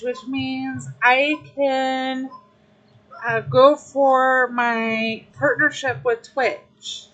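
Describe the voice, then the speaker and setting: Young woman streamer, emotional and grateful, unhurried casual chat, fairly high voice. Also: level tone, fairly bright tone, highs cut off. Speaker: livestreamer.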